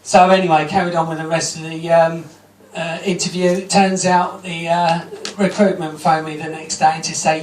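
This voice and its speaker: A man's voice: fairly high pitch, fairly even intonation, moderate pace, few pauses. A man doing a stand-up routine in a small comedy club, rambling and self-deprecating with plenty of ums. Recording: roomy, distant, noisy club recording.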